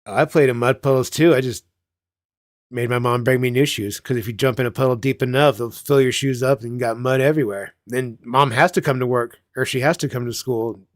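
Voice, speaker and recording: A man's voice: medium pitch, steady tone, brisk, dry recording, studio quality. Rambling, foul-mouthed man telling stories. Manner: rambling, profane, laughs at himself. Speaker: channel host. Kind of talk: casual storytelling chat.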